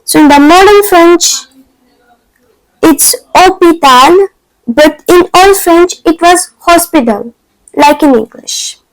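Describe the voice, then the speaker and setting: Very high-voiced, slow woman teacher. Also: no echo, faint music behind, rough recording. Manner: slow, deliberate, repeats example words for practice. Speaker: French teacher. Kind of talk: scripted lesson narration.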